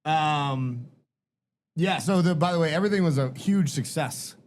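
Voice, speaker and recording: A man's voice: fairly high pitch, normal speed, a little hiss or hum. A man guesting on a podcast, telling crude, joking stories in casual chat.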